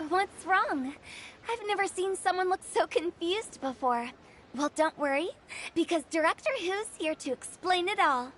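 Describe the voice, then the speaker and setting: A woman's voice: very high voice, expressive, a little slow, fairly bright tone, a little hiss or hum, full character voice. A woman voicing a playful, mischievous young funeral director in a game, teasing and rhyming. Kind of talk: game dialogue.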